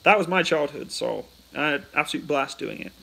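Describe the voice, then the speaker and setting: A man's voice: on the high side, animated, fairly quick, vocal fry, pushed and bright, low-quality recording. A British man hosting a casual livestream. He reads out viewer questions and answers them in a chatty way, into a phone. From United Kingdom. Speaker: livestream host.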